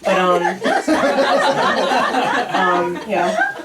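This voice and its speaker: A woman's voice: fairly low pitch, wildly swooping pitch, extremely slow. Rambling young woman doing stand-up. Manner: rambling, laughs through punchlines, acts out characters. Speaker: stand-up comedian. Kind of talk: stand-up comedy set. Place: comedy club stage. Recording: echoey club recorded from far off, loud noise. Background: audience laughter.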